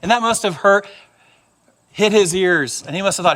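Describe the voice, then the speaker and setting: A man's voice: sits high, normal speed. A man preaching a sermon, telling stories and acting out the voices of the people in them. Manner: animated storytelling, acts out voices of others. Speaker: pastor.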